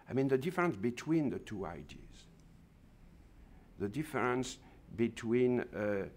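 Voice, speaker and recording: Man, slow, hesitant, full of fillers, emphatic commentary. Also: fairly low pitch, a little mellow, slight background noise. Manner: halting, many fillers, emphatic. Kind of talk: interview commentary.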